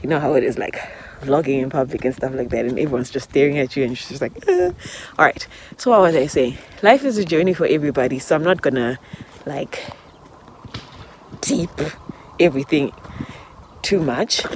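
A woman's voice: deep voice, animated, moderate pace, long pauses, a little hiss or hum. A woman vlogger talking heart to heart while walking outdoors, emotional and rambling, sometimes laughing through tears. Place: outdoors on a walk in public.

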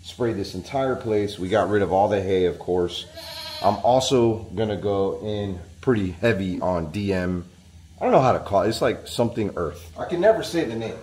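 Low-voiced man chatting on his farm. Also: expressive, normal speed, a little mellow, slight background noise. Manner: chatty, talks to his animals in a high coaxing voice. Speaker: farm vlogger. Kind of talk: casual vlog chat. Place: outdoors on a small farm by paddocks and barn.

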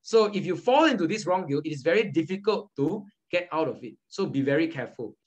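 A young man with a Malaysian English accent teaches an online Buddhist study group over a video call, lecturing patiently and repeating points often with frequent "okay" and "all right." His fairly high, expressive voice moves a little fast, and the audio is poor.

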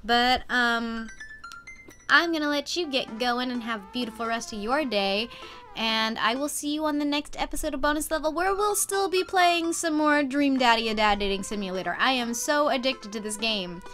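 A woman's voice: a little high, moderate pace, sharp tone, faint music behind. A woman hosting a let's play, chatting playfully and casually to her viewers. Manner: playful and chatty, sings off-key snippets. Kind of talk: casual gameplay commentary.

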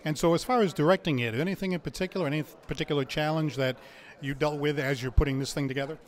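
Fast-talking male interviewer. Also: a little high. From Massachusetts. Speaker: show host. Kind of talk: interviewing cast at an event.

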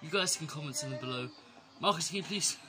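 A man's voice: fairly high pitch, fast, over loud music. A man giving playful, chatty gameplay commentary from his bedroom, breaking into exclamations. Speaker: gaming YouTuber. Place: bedroom at home. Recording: loud background noise.

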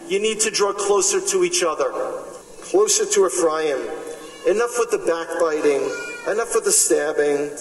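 A man with a Bronx New York accent delivers an emphatic speech with rhetorical questions and wry asides. His voice sits fairly high and rings through a reverberant hall, picked up from some distance with a faint ambient hiss. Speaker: speaker at a gathering. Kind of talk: impassioned religious speech. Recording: echoey hall, speaker far from mic.

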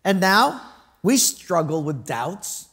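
High-voiced pastor preaching to a congregation. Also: male voice, big pitch swings, slow, fairly bright tone, breathy edge. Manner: storytelling, conversational, asks the crowd questions; acts out quoted voices with laughter. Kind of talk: sermon.

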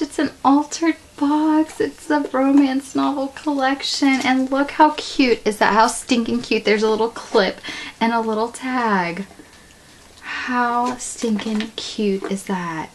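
Excited woman opening a craft swap box at home, all oh my goshes and gasps, noisy home video. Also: on the high side, slow. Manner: gushing, gasping, breathless exclamations. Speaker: vlogger unboxing a craft swap package. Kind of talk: excited unboxing chat. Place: home room.

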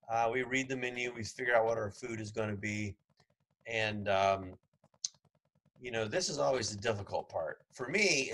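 A man's voice: medium pitch, fairly bright tone, a little hiss or hum, poor audio. A man giving a casual classroom lecture as a psychology professor, chatty, with sarcastic asides and frequent fillers.

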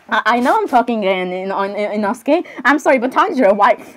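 A woman's voice: fairly high pitch, big pitch swings, a little fast, hardly any pauses, rough recording. A woman performing an improvised comedy skit alone, switching between characters with a hesitant, apologetic, giggly delivery. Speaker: solo skit performer voicing many characters.

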